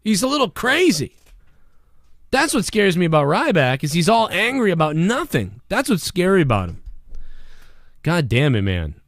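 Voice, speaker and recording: Profane, rambling hoarse male streamer. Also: sits high, wildly swooping pitch, normal speed, pauses often, fairly bright tone, no room sound, studio quality. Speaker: show host. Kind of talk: casual livestream chat.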